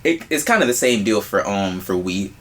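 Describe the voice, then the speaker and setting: A man's voice: on the low side, lively intonation, moderate pace. A young man co-hosting a podcast, chatting casually in a laid-back way, trailing off and restarting as he hunts for words. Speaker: podcast co-host. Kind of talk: casual chat.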